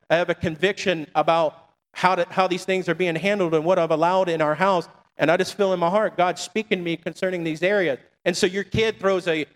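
A middle-aged male pastor preaching a sermon to a congregation, with frequent call-and-response asides. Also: sits high. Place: church sanctuary. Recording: long hall reverb.

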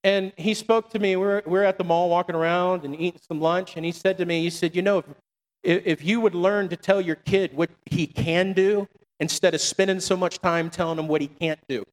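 A man's voice: high voice, steady tone, a little fast. A middle-aged male pastor preaching a sermon to a congregation, with frequent call-and-response asides. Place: church sanctuary. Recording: long hall reverb.

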